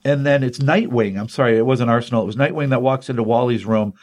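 A man's voice: medium pitch, fast talker, darkish tone. A man casually retelling a comic book issue on a podcast, rambling with many ums and restarts, acting out the dialogue.

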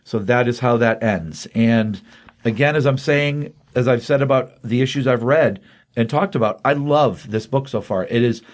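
A man at an ordinary pitch walks through a comic book issue in casual podcast talk. He quotes each character in his own unchanged voice and fills the gaps with ums and uhs. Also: moderate pace. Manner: retells scenes quoting characters in a flat voice, many ums.

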